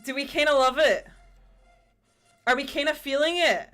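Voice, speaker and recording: A woman's voice: sits high, normal speed, sharp tone, faint music behind. A young woman chatting casually with her viewers while she paints miniatures, swearing freely and talking straight to them. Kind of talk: casual livestream chat.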